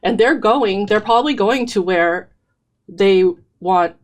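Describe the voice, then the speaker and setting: A woman's voice: mid-range voice, slow pace. A woman co-hosting a casual fan podcast, eagerly laying out theories with lots of fillers and a bit out of breath. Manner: excited, theorizing, many fillers. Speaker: podcast co-host.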